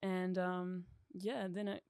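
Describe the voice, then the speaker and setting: Young NZ woman, casual guest, giggly, creaky voice. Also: fairly low pitch, slow, no room sound, clean studio sound. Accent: New Zealand. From New Zealand. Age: young adult. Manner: excitable, laughs often, lots of "like". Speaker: DJ, podcast guest. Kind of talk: casual chat.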